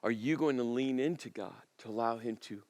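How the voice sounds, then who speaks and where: A man preaching a sermon as pastor, talking conversationally and building to emphatic, forceful peaks. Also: medium pitch, a little fast. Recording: long reverb of a large hall.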